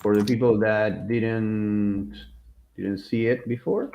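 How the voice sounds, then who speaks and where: A man co-hosting a podcast, chatting casually in an animated, rambling way, often restarting his sentences and laughing. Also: fairly low pitch, slow, gravelly, muffled recording. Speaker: podcast co-host. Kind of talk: casual chat.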